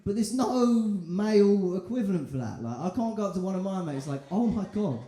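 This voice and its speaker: Young male stand-up, casual and crude, slightly high voice, live club sound with echo. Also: animated, brisk, dark tone. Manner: chatty, loose, crude, lots of fillers. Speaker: stand-up comedian. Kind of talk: stand-up set. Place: comedy club in front of a live audience. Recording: echoey club room with audience laughter.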